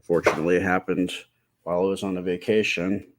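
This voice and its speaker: A man hosting a live stream, chatting casually and answering viewer comments with a slightly stuffy nose and a halting, rambling way of talking. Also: deep voice, little pitch movement, background noise. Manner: rambling, halting, many fillers and restarts.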